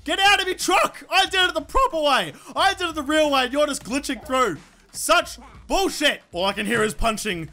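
A young man commentating a brawling game, loud and excitable, yelling and swearing a lot. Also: extremely high pitch, moderate pace. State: sore throat from yelling. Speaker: gaming YouTuber. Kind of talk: let's play commentary. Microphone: desk microphone.

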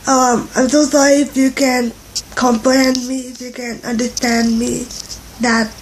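A young woman with the flu vlogging from home, rambling and halting, her voice nasal and congested. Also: level tone, a little hiss or hum, low-quality recording. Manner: rambling, halting, low-energy. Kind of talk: casual rambling vlog.

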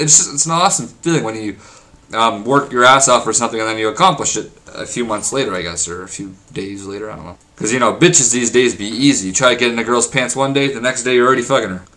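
This young gaming vlogger has a mid-range, sharp-toned voice and chats casually over his gameplay. He rambles, swears often and talks crudely, explaining he's going fast because he's hungry.

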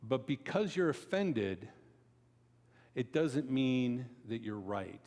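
A man preaches in a chatty, storytelling way, tossing asides to the congregation. His voice sits in a middle register. He jumps up in pitch when he acts out other people's lines, and the sound carries a long reverb from a church hall. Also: very animated, slow, darkish tone. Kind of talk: conversational sermon. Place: church sanctuary.

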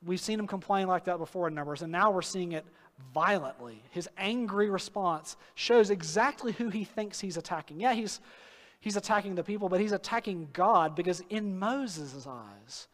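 A man preaching a sermon as pastor, earnest, slowing down on key phrases for emphasis. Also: high-pitched, fairly bright tone. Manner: earnest preaching with sudden slow emphatic phrases and acted quotes. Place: church sanctuary. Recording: long hall reverb.

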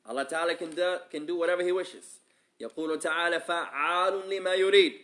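A man's voice: on the high side, steady tone, fairly bright tone. A man teaching a religious lesson, reading Arabic text and translating it into English, often asking the listeners rhetorical questions. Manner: asks the audience rhetorical questions; reads Arabic quickly, explains in English more slowly. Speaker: Islamic teacher.

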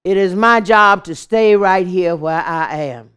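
A woman voicing a male lion king in a children's story, speaking in a calm, earnest, gently urging way. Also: lowish voice, a little slow, clear, resonant tone, pitched below the performer's own voice.

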